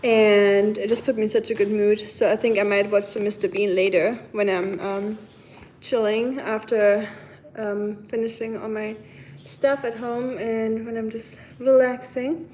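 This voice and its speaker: A woman's voice: medium pitch, level tone, measured pace, darkish tone, slight background noise. A woman from Germany, chatting casually with viewers on her livestream and answering their comments. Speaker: livestream host. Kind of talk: casual live chat with viewers.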